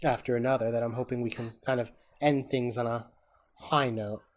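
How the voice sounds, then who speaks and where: Man, podcast co-host, casual and reflective, mid pitch. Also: fairly even intonation, normal speed, slight background noise. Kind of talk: casual chat.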